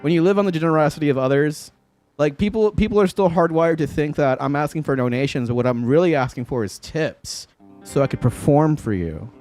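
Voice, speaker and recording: Chatting with viewers from a room in his home, a young livestreaming guitarist swears often and laughs a lot in an easygoing way. His voice is on the high side and a little mellow.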